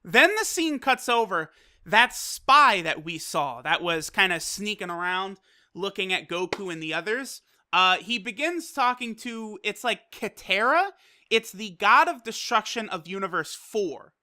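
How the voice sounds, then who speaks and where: An excitable anime reviewer talking casually, swearing often and padding sentences with fillers. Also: medium pitch, a little slow. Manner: excitable and profane, with loose fillers.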